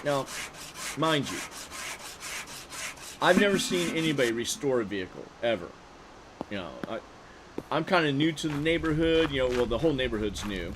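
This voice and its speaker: A man's voice: mid-range voice, expressive, moderate pace, long pauses, background noise. Rambling male streamer telling a story. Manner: rambling, full of fillers and restarts. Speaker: game streamer. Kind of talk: casual storytelling while gaming.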